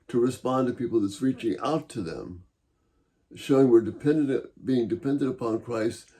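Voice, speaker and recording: A middle-aged man giving a calm, measured Bible-based teaching talk, gently persuasive as he walks through principles. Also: mid-range voice.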